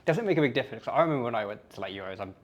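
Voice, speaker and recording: A man's voice: medium pitch, lively intonation, racing. A man interviewing casually, asking questions with self-deprecating laughs.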